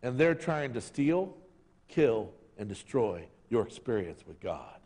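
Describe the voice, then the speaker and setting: Lively joking pastor in a reverberant hall. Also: male voice, mid-range voice, unhurried. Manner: casual and joking, calls out to the congregation, asks for amens. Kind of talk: lively sermon. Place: church service in a sanctuary.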